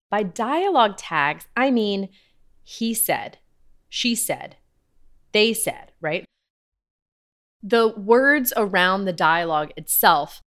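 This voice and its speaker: A woman's voice: medium pitch, fairly bright tone. A woman podcast host and writing coach giving casual, upbeat tips, often laughing at herself. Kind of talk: casual teaching talk.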